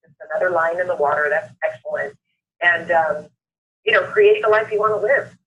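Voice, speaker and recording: Woman leading a motivational call, punchy and repetitive; bright, dull lo-fi line. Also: fairly low pitch, steady tone, fairly quick. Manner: upbeat, emphatic, repeats phrases. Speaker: call host. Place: Southern California. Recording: muffled phone-line call recording.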